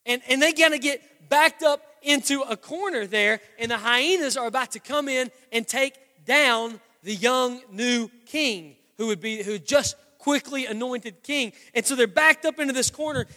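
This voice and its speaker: A man in his thirties preaching a sermon, telling a story with animated energy that builds into passionate, loud preaching. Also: very high voice, normal speed, few pauses. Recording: long hall reverb with faint guitar.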